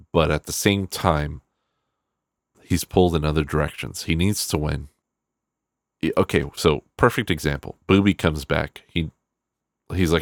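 Very deep-voiced man, dry close mic, loose profane film-review chatter. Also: no echo. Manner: rambling, profane, animated quoting of characters. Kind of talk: casual spoken film review.

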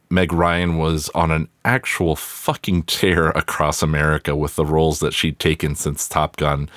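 A man's voice: a bass voice, dry recording, studio quality. A man hosting a podcast alone, reviewing a movie in a casual, profane, wry way, full of rambling asides. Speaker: podcast host.

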